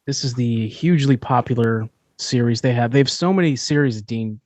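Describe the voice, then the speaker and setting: A man co-hosting a comedy podcast, setting up segments in a relaxed, rambling way. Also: medium pitch, normal speed, no room sound. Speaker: podcast co-host. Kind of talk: casual podcast banter.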